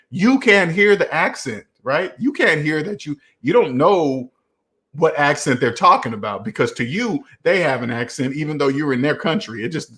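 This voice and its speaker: Rambling story-teller host in his forties, slightly high-pitched man, casual live Q&A. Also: fairly bright tone. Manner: rambling, repeats "right?" often; chuckles while telling stories.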